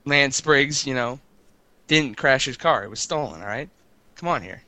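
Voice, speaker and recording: A man's voice: medium pitch, expressive, normal speed, bright, forceful tone. A man co-hosting a casual sports talk show, rambling and teasing his co-host, often stammering over restarts. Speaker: podcast co-host.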